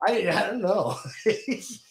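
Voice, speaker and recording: A man's voice: sits high, slow, over a noisy crowd. A man co-hosting a podcast in easygoing, rambling casual chat with his wife. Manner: easygoing, rambling with many fillers and restarts. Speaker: podcast co-host.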